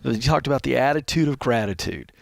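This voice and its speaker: A man's voice: medium pitch, lively intonation, a little fast, creaky, no echo, clean studio sound. A man co-hosting a radio talk show, speaking in an earnest, affirming way. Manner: earnest, affirming, telling an anecdote. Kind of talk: casual on-air talk.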